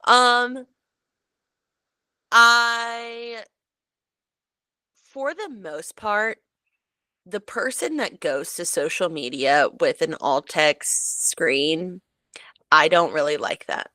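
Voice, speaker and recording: A woman co-hosting a podcast in relaxed conversation. Her voice is bright and forward, recorded dry and close with no room sound. She talks in an animated way, peppered with "like" and "um". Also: fairly low pitch, very slow, long pauses, no echo. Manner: animated storyteller, many "like"s and "um"s. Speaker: podcast co-host. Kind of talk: casual chat.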